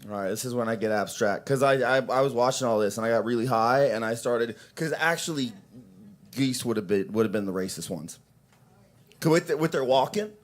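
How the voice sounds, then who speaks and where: A young man doing a crude, rambling stand-up set at an open mic in a coffee shop, breaking into shouted impressions now and then. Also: mid-range voice, fairly quick.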